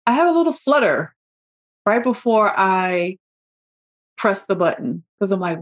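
A woman's voice: mid-range voice, very animated. A woman hosting a motivational podcast, talking heartfelt and emotional, calling her listeners y'all as she coaches them. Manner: heartfelt, emotional, slow deliberate emphasis. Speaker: podcast host and business coach.

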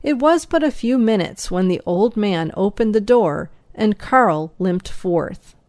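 Woman, audiobook narrator, first-person story, very slow, dry close recording. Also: medium pitch, expressive, a little mellow, no room sound.

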